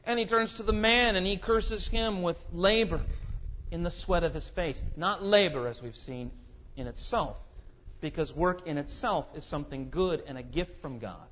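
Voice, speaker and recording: A man's voice: fairly high pitch, highs cut off. A man preaching a sermon in an emphatic, dramatic way. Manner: emphatic and dramatic, acting out quotes.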